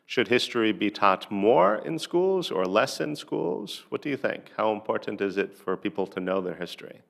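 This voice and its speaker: A man teaching a lesson, asking a listener practice conversation questions one at a time with steady pauses. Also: lowish voice, gravelly. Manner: measured, pausing between questions. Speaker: English teacher.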